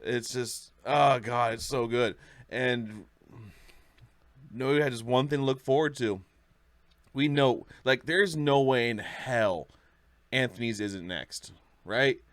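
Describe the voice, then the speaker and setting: A man in casual chat as the host of a reaction video, enthusing and rambling. His voice sits at a middle pitch. The sound is dry with no room echo. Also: takes it slowly, pauses often.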